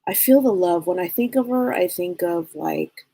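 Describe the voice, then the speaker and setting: A woman with a low, breathy, husky voice works as a psychic medium on a live show. She talks gently and often gropes for the right words. The sound is dry, with no room around it. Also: animated, normal speed, no room sound, low-quality recording. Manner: gentle, searching for words, relays spirit messages.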